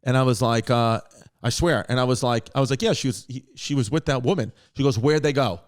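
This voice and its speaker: A man in his thirties hosting a podcast, telling a story in a rambling, animated way with frequent restarts and swearing. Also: mid-range voice, brisk. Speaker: podcast host. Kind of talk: casual storytelling.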